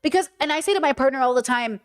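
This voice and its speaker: Young woman podcaster ranting casually, animated, swears a lot, slightly high voice. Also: racing. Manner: animated, swears often, mimics people in quoted asides. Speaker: podcast host. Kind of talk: casual monologue to camera.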